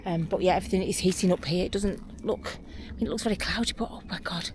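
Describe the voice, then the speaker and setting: A woman, chatting casually and excitedly to camera while showing her allotment garden. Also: fairly low pitch, fast, a little hiss or hum. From England. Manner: chatty, rambling, excitable about plants. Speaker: allotment vlogger. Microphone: clip-on mic.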